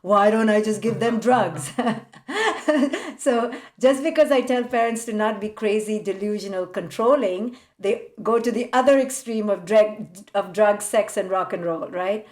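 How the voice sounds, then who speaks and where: A woman psychologist, the guest in a podcast interview, telling animated stories about parents and laughing often. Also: medium pitch, measured pace. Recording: roomy echoey room.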